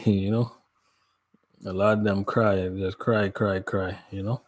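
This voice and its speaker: A man from Jamaica hosts a casual livestream in a low voice. He chats in relaxed slang, calls out viewers by name and laughs often. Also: slow pace. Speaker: livestream host. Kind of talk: casual live chat with viewers.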